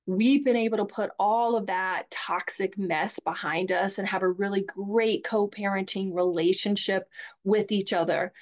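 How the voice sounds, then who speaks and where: A woman's voice: medium pitch, fairly even intonation, unhurried, dull audio. Chatty Southern woman coach. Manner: candid, chatty, repeats words. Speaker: divorce coach. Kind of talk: live webinar talk.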